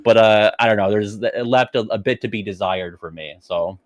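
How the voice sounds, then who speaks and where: Low-voiced male podcast guest, dry sound. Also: normal speed, no echo. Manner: animated, hedging, joking rants. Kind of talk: casual podcast conversation.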